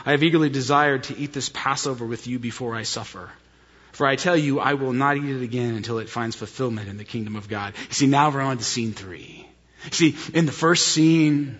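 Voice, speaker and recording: A man's voice: mid-range voice, a bit bright, slightly rough. Preaching man in a reverberant hall. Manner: expository preaching, emphatic repetition. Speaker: pastor. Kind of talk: sermon. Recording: dull sound with long hall reverb.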